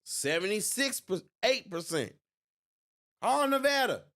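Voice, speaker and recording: A man's voice: high-pitched, big pitch swings, a little slow, bright, forceful tone. A man hosting a political livestream, talking in a gloating, mocking way and laughing often. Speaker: livestream host. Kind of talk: election night livestream commentary.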